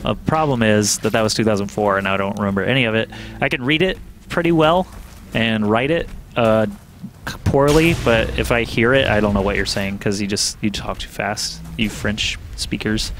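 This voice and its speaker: A man's voice: fairly low pitch, moderate pace, fairly bright tone. Chatty young man casting over background noise. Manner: chatty, joking, laughs often. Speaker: esports caster. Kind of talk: casual play-by-play commentary. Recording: noisy background.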